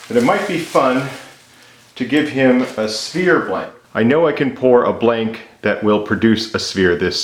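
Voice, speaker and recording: A man, a resin maker, chatting casually and enthusiastically to camera, thinking out loud as he works in his home workshop. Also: mid-range voice. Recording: echoey workshop with loud machine noise.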